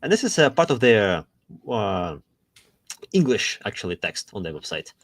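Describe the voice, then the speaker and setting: A man's voice: on the low side, sing-song, normal speed, fairly bright tone, no room sound. Man chatting, dry close sound. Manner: reads text aloud with dry asides, laughs often. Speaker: podcast co-host. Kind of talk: casual chat.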